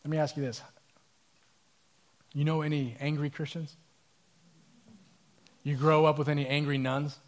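A male pastor preaching a sermon in a casual, animated storytelling manner with asides. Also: a little high, unhurried, long pauses.

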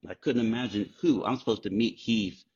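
A man guest on a podcast, telling candid, profane stories in a casual, animated way. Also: on the low side, a little fast, slightly rough. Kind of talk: casual storytelling. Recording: dull lo-fi sound.

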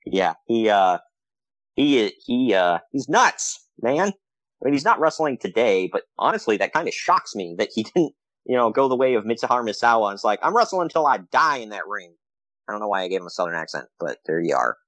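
A man co-hosting a podcast, telling stories in a casual, animated way with frequent laughs. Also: fairly low pitch, a little fast, no room sound. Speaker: podcast co-host. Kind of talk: casual chat.

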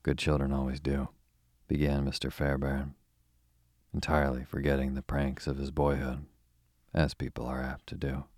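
Recorded at studio quality with no echo, a bedtime story podcast host talks in a very deep voice at a moderate pace. Relaxed and informal, he chats a while and then reads a story aloud in a calming way.

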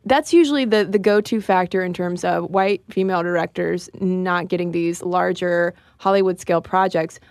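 A woman's voice: lowish voice, normal speed, few pauses, darkish tone, no room sound, studio quality. Chatty woman podcast co-host. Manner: chatty, laughs while talking. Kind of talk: casual conversational podcast.

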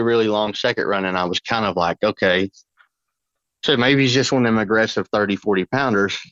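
A man, a fishing guide on a podcast, telling a long story in a rambling, excited way with lots of fillers. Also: fairly low pitch, no echo, highs cut off. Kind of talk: casual storytelling.

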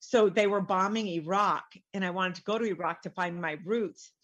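A woman's voice: medium pitch, moderate pace, fairly bright tone, muffled recording. A middle-aged woman, a guest author, telling her story in a casual interview and animatedly acting out the voices she quotes.

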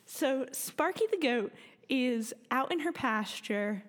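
A woman's voice: high voice, lively intonation, slow, big-room sound. A woman improvising a playful story, with frequent giggles. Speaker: co-host, storyteller.

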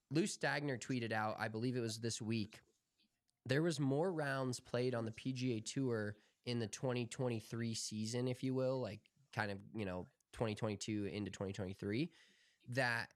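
A man's voice: medium pitch, no echo. Opinionated man on a dry mic. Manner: relaxed, opinionated, swears casually. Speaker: podcast co-host. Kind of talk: casual golf podcast chat.

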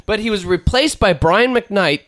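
Animated, profane middle-aged man telling stories. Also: a little slow, no room sound. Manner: animated, profane storyteller, rises in pitch when riled. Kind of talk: casual chat, storytelling.

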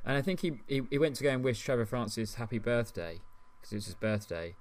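A man's voice: mid-range voice, animated, fast. A man co-hosting a casual podcast, telling stories chattily with many ums and restarts. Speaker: podcast co-host. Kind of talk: casual chat.

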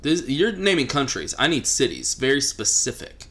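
A man's voice: medium pitch, big pitch swings, moderate pace, a bit bright. A man co-hosting a podcast, chatting casually and teasing his co-host. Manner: joking, teasing, runs the segment. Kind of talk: casual chat.

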